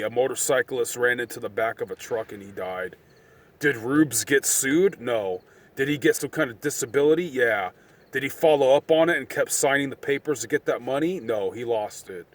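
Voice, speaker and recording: Casual vlogger, male, thirties, mid-range voice; profane, meandering storyteller who heats up at the tense parts. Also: mid-range voice. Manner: profane, rambling, excitable when reliving events.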